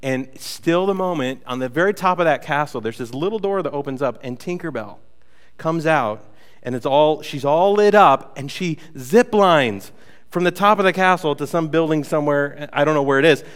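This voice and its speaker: A man preaching a conversational sermon as a pastor, telling stories with playful, animated asides. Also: a little high, normal speed, smooth, in a large hall.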